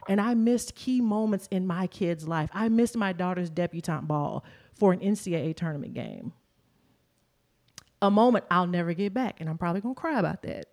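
A woman's voice: fairly low pitch, lively intonation, moderate pace, a little mellow. A middle-aged woman speaking as a panelist in a candid discussion, emphatic and emotional as she gives advice.

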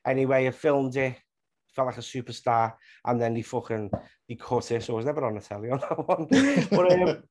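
A man's voice: medium pitch, lively intonation, a little fast, a little mellow. A man, an actor and comedian, telling stories in a casual interview, swearing freely and rambling.

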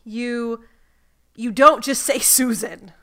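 A woman's voice: fairly high pitch, slow pace, sharp tone. A woman co-hosting a casual recap podcast, talkative and explaining things with lots of asides. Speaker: podcast co-host.

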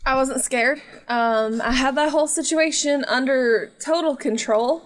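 A woman with a slightly high voice, bantering and giggling as she plays a tabletop game. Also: measured pace. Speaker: player. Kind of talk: casual tabletop role-play.

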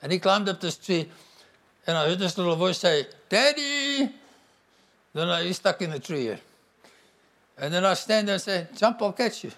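High-voiced, animated man preaching. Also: brisk, gravelly, pauses often. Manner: animated, emphatic, bursts into acted-out quotes. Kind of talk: sermon.

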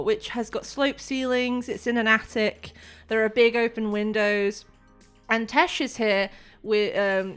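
A woman's voice: a little high, a bit bright. A woman narrating a tabletop game as game master, laughing often and putting on character voices. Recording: music faintly behind.

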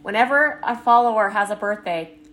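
A woman's voice: medium pitch, a little fast, a bit bright. Earnest middle-aged woman coach chatting. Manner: enthusiastic, earnest, lots of "like". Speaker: life coach and podcast co-host, mother. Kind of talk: casual podcast chat.

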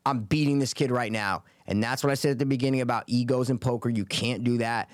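A man on a podcast telling a poker story in an animated, casual way, swearing freely. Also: medium pitch, fast talker, no room sound, clean studio sound.

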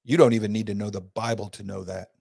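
A middle-aged man hosting an opinion talk show, folksy, preachy and emphatic, with big swings in pitch. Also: flat delivery, fast, creaky, mellow, slightly rough. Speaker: host.

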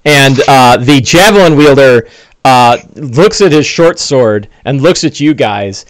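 A man narrating a tabletop game as game master, animated and full of fillers. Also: mid-range voice, measured pace, dry recording.

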